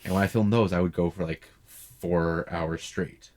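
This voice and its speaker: Deep-voiced young man telling stories. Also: unhurried. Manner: animated, rambling storytelling with frequent restarts and 'like'. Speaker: online video creator. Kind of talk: casual podcast storytelling.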